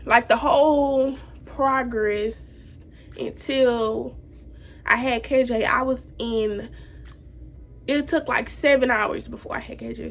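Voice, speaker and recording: Teenage woman, casual storytime vlog, slangy and chatty, slightly high voice. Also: gravelly, a little hiss or hum. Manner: chatty, slangy, addresses viewers directly. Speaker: vlogger.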